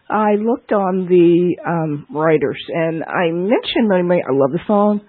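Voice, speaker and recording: Husky host asking halting questions by phone. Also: medium pitch, dry recording. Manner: halting questions with many fillers. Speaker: interviewer, host. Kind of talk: interview. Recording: phone line.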